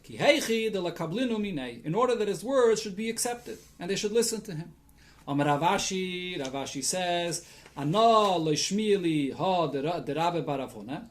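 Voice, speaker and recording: A man with a notably high-pitched voice giving a Talmud lesson. He reads the original text aloud and translates it line by line into English with Yiddish and Hebrew terms, pausing to think aloud as he teaches. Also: expressive. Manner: thinks aloud, with restarts and fillers. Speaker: rabbi teaching daily Talmud.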